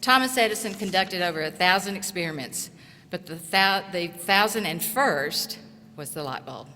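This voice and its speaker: Woman, middle-aged, graduation speaker, lowish voice, forceful, earnest, encouraging, podium mic, echoey auditorium. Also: animated. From southeast Tennessee. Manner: earnest, encouraging, speaks in short, measured phrases. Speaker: commencement speaker and college instructor. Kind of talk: graduation speech. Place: large auditorium. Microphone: podium microphone. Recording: echoey hall reverb.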